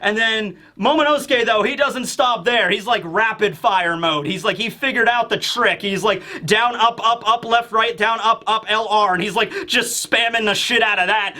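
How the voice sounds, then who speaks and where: A man reviewing a manga chapter in casual chat, animated and acting out the characters. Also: extremely high pitch, normal speed, hardly any pauses.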